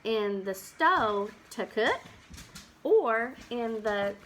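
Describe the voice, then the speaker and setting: A woman's voice: on the high side, animated, drawn-out words, fairly bright tone, slight background noise. A woman reads a farm picture book to children, acting out animal sounds and stopping to ask them questions. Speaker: teacher reading to children. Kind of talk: read-aloud storytime with explanations.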